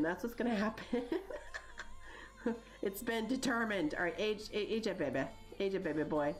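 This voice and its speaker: A woman's voice: mid-range voice, expressive, moderate pace, soft background music. A woman in her thirties, hosting a gaming channel, chatting casually and rambling with lots of likes and you-knows as she plays. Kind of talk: casual chat while playing a life-sim game.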